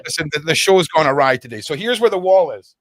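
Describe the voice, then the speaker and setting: A man's voice: a little high, lively intonation, fast, crowd noise. Chatty man hosting a livestream. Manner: rambling, chatty, addresses viewers by name. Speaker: livestream podcast host. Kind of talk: casual livestream chat. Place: home desk setup.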